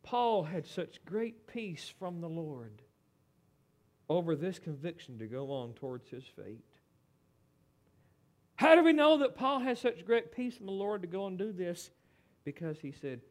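A man preaching a sermon, swinging from loud dramatic pleading to hushed, low lines. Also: very animated, takes it slowly, long pauses.

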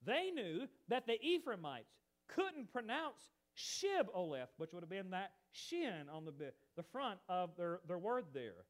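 A man from the United States preaching a sermon, animated and emphatic, with chatty asides to his congregation. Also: high voice, a little slow, few pauses.

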